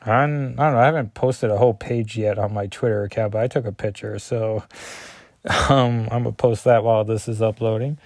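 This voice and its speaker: A man's voice: lowish voice, steady tone, a little fast, darkish tone, no echo, clean studio sound. A man casually reading through a comic issue as a reviewer, rambling with chatty asides and self-deprecating remarks.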